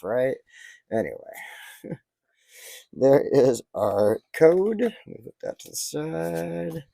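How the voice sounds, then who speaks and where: A man casually talking through opening trading card packs, chatty and easily excited, rambling into side stories. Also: mid-range voice, creaky, dry recording. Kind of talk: casual unboxing commentary.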